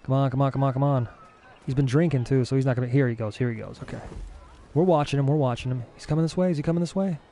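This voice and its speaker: A young man giving casual let's-play commentary as a gaming streamer, excitable and easily frustrated. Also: mid-range voice, rapid-fire. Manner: excitable, frustrated, swears mildly.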